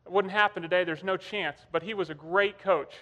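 High-voiced man preaching in a reverberant hall. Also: steady tone, a little fast, fairly bright tone, muffled recording. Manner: conversational storytelling. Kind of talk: sermon.

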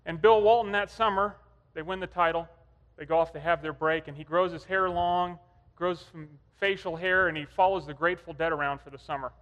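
A man's voice: a little high, fairly even intonation, a little fast, muffled recording. A man preaching a sermon, telling stories in a conversational way. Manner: conversational storytelling. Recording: long hall reverb.

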